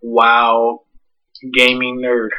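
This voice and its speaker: A man's voice: mid-range voice, completely flat delivery, drawn-out words, highs cut off. Blunt, profane man ranting casually. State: congested. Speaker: podcast host. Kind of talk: casual podcast chat.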